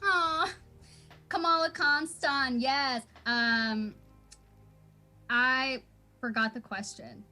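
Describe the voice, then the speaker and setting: Guest: young woman, bubbly storyteller, laughs a lot, slightly high voice. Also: fairly even intonation, slow pace, long pauses, pushed and bright, faint music behind. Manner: bubbly, laughing, lots of fillers. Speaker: voice actor guest. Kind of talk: casual interview chat.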